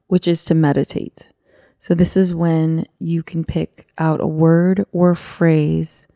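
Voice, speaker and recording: A woman co-hosting a podcast, guiding listeners through a prayer meditation and praying aloud softly and gently. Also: lowish voice, gravelly, dry recording, studio quality. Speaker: podcast co-host.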